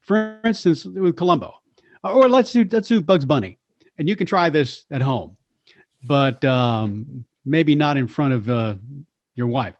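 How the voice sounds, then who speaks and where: Brief: male voice actor, somewhat high voice, lively storyteller, dry close sound, slightly dull lo-fi. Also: unhurried, dry recording. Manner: animated storyteller, slips into voices. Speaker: voice actor and impressionist, guest. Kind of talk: storytelling chat.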